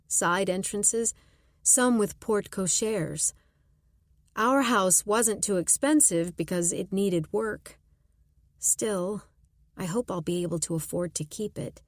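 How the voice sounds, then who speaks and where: A woman narrating a suspense audiobook in first person, measured and tense. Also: medium pitch, darkish tone, no echo, clean studio sound.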